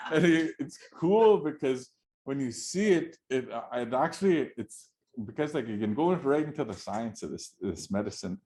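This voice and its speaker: A man's voice: mid-range voice, darkish tone. A man telling a traditional story to an audience in a casual, chatty way, laughing often and checking in with his listeners.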